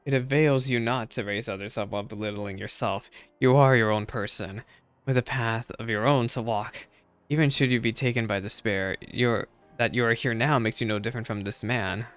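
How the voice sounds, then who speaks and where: A man voicing a serene, wise male deity, reading game dialogue aloud in a soft, measured, solemn way. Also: medium pitch, steady tone, clean tone, natural voice. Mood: calm, consoling.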